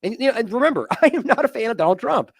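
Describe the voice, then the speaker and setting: A man's voice: extremely high pitch, racing, vocal fry, slightly rough, no room sound, clean studio sound. A man hosting an independent news show, giving indignant, mocking commentary on the news. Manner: animated, indignant, mocking with sarcastic quotes.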